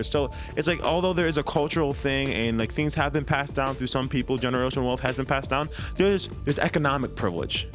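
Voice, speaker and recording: A man hosting a reaction video who comments on a clip in a casual, conversational way with lots of fillers. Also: mid-range voice. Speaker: commentary host.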